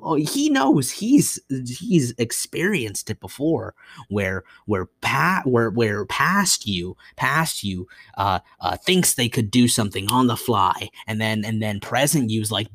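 A man's voice: mid-range voice, big pitch swings, slow pace, no echo, clean studio sound. A young man hosting a solo podcast, rambling and self-mocking, with frequent restarts and asides. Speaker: podcast host.

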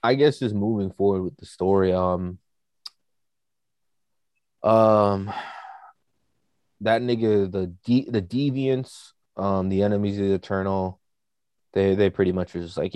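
A man's voice: on the low side, fairly even intonation, measured pace, pauses often, darkish tone, no room sound. A man casually chatting as a podcast co-host, rambling with lots of fillers. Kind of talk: casual chat.

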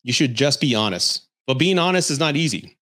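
A man's voice: medium pitch, animated, brisk, a bit bright. A man hosting a podcast, giving blunt, candid relationship advice in a casual chat while reading viewer comments. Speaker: podcast host.

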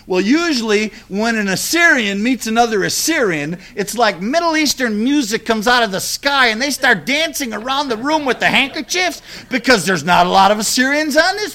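A middle-aged man with a high-pitched voice preaches a sermon, telling a story and acting out its dialogue with lively energy.

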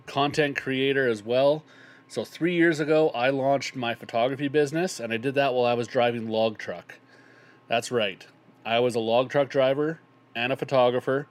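A man in his thirties hosting a solo podcast, chatting casually and rambling with a self-deprecating tone. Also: mid-range voice. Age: 30s. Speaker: podcast host.

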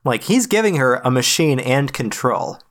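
A man's voice: mid-range voice, big pitch swings, moderate pace. A man co-hosting a casual book podcast, tossing in wisecracks. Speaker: podcast co-host.

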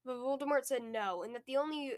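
Young woman reading her recap notes, lots of uhs and likes, bit high pitched. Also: quick pace. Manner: hesitant, reads from notes. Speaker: podcast co-host. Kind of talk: casual chapter recap.

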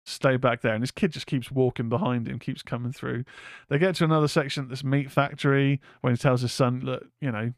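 A man's voice: medium pitch, fairly even intonation, a little fast, no echo, studio quality. Rambling English man reviewing films. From England. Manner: rambling, swears casually, reads chat comments aloud. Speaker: horror podcast host. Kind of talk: casual film review chat.

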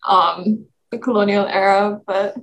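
A woman's voice: mid-range voice, fairly even intonation, measured pace, a bit bright, slight background noise, rough recording. A young woman from Pakistan in a casual group discussion, talking with many fillers and restarts. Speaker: discussion participant.

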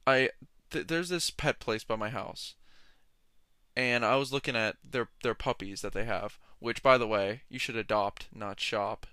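A man's voice: medium pitch, measured pace, bright, forceful tone, smooth, no echo. A young man hosting a solo podcast, talking in a rambling, jokey, ranting way into a close mic. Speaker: podcast host. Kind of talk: casual solo podcast monologue.

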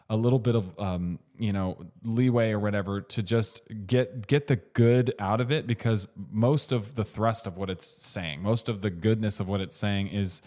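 Man, lowish voice, casual movie podcast chat, rambling with fillers. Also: dark tone. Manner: rambling, restarts and hedging with fillers. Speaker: podcast co-host.

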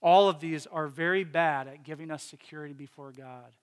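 A pastor from Virginia delivers a heartfelt sermon, sharing personal struggles with many restarts and repetitions. His voice sits high for a man. It carries with a long reverb through a large church hall. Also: a little fast, smooth. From Virginia, USA.

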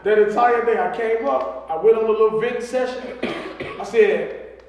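Here a podcast co-host with a high-sitting voice tells stories at a measured pace in a casual chat, swearing and acting out quotes with animated energy. The sound is distant from the mic in an echoey room, with slight background noise.

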